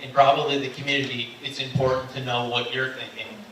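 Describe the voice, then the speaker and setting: A man giving public comment at a meeting, polite and measured, with frequent fillers. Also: medium pitch, steady tone. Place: large meeting room. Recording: echoey hall, far mic, noise.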